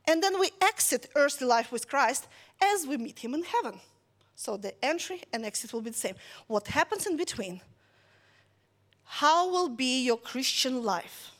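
A woman with a high voice preaches a relaxed, conversational sermon at normal speed. Her story comes with lively asides, and she keeps checking in with listeners.

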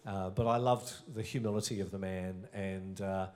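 Earnest Australian man, lowish voice. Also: steady tone, moderate pace, a little mellow. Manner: earnest, reflective storytelling. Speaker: senior pastor. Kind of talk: reminiscing in an onstage interview.

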